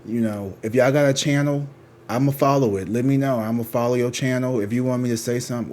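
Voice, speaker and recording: A man's voice: medium pitch, steady tone, fast talker, a little mellow. A man who reads tarot, chatting casually and rambling to his viewers, slangy and swearing freely. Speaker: tarot reader.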